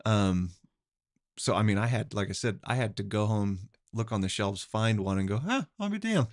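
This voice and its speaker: A middle-aged man from Oklahoma with an Oklahoma accent, hosting a podcast in a relaxed, meandering chat with easy chuckles. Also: on the low side, moderate pace, dry recording, clean studio sound. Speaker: podcast host. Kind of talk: casual chat.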